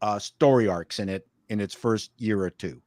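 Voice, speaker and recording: A man's voice: lowish voice, moderate pace, darkish tone, no room sound. A man on a live panel chat, opinionated and stammering as he makes his points.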